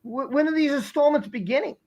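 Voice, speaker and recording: A man's voice: very high voice, quick pace, darkish tone, dull audio. A man hosting a live stream, asking rhetorical questions in a repetitive, casual way.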